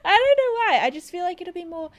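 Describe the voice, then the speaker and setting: Giggly high-voiced woman gaming. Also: very animated, brisk. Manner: giggly, apologetic, rambling. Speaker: gaming YouTuber. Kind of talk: casual gameplay commentary.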